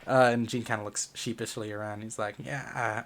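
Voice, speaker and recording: A man's voice: fairly low pitch, little pitch movement, brisk, a bit bright. A young man narrating a tabletop game as game master, in a casual, rambling way with frequent swearing. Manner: casual, profane, filler-heavy storytelling.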